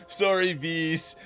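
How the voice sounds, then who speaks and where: A man's voice: a little high, a bit bright. Laughing, chatty male streamer. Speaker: livestreamer. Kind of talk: casual chat with live chat.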